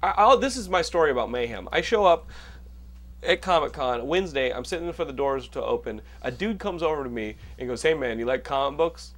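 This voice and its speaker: A man with a fairly high, very lively voice, telling a wry story in casual podcast chat. He curses freely and mocks the situation. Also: a little fast. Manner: sarcastic, swearing storyteller.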